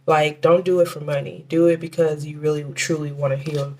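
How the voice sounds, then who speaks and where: A woman giving a casual tarot reading, talking in a chatty, halting way with many restarts and fillers, and slowing down to name the cards. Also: deep voice, level tone, a little mellow, a little hiss or hum. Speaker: tarot reader.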